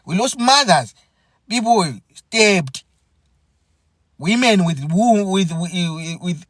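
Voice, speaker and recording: A man from Zimbabwe hosting a podcast, speaking an earnest, aggrieved monologue full of repeated phrases and halting restarts. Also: sits high, fairly bright tone, no echo, clean studio sound. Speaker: podcast host. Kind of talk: impassioned spoken monologue.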